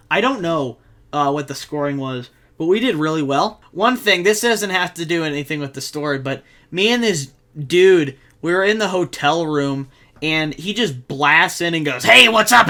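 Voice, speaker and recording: A man's voice: a little high, bright, forceful tone. A teenage boy telling a story casually in a rambling way, often breaking into laughter. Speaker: vlogger.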